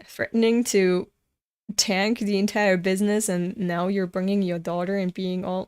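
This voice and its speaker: A woman's voice: medium pitch, flat delivery, moderate pace, a little mellow, clear, resonant tone. A woman in her twenties reading a comic aloud and ranting frankly about it, swearing freely. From Europe. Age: 20s. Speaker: webcomic reader and commentator.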